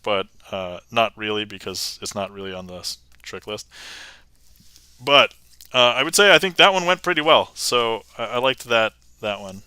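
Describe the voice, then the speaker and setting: Man, magic livestream host, very bright tone, smooth clear voice, dry close mic, chatty, upbeat. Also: medium pitch, no room sound. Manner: chatty and upbeat, reading chat aloud with thanks. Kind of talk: casual livestream chat.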